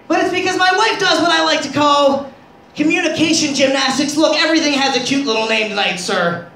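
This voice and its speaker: A man's voice: very high-pitched, fairly quick, gravelly, pushed and bright. A man doing crude, self-deprecating stand-up comedy on a club stage. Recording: roomy club sound from far off.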